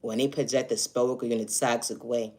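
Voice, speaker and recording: A man's voice: mid-range voice, flat delivery, moderate pace. A man delivers a motivational monologue to his own viewers, earnest and insistent in tone. He keeps circling back to a few set phrases, repeating them as refrains throughout. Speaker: self-made video creator.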